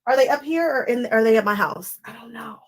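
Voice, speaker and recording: A woman's voice: on the high side, a little fast. A woman hosting a live paper-piecing stream, chatting casually and going off on tangents while she talks to viewers by name. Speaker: quilting livestream host. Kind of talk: casual live crafting chat.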